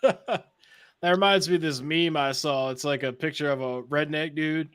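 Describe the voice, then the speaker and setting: A man's voice: on the high side, steady tone, a little slow, fairly bright tone, smooth. A man co-hosting a podcast, joking and laughing in casual chat. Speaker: podcast co-host.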